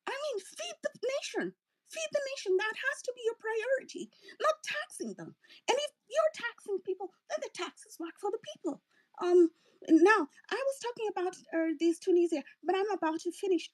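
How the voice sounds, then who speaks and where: A woman's voice: extremely high pitch, darkish tone. A Kenyan woman delivering an impassioned, profane political monologue. She is openly angry and keeps breaking off mid-thought. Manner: angry, profane, ranting, self-interrupting. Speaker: political commentator.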